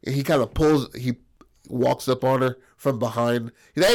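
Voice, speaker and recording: A man's voice: medium pitch, fairly quick. Profane rambling storyteller man. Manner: rambling, profane, peppered with "bro" and "right?". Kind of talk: crude improvised comic storytelling.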